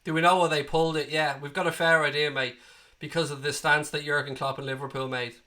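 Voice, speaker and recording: He talks fast in a high, sharp voice with flat delivery: a late-thirties Dubliner with an Irish accent hosting a live football watchalong. Nursing a cold, he addresses chat directly, bluntly and with plenty of swearing.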